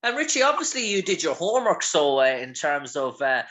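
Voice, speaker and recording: A man's voice: on the high side, big pitch swings, brisk, pushed and bright, rough recording. A man from Ireland with an Irish accent, interviewing a guest with long, rambling, filler-heavy questions. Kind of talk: casual interview chat.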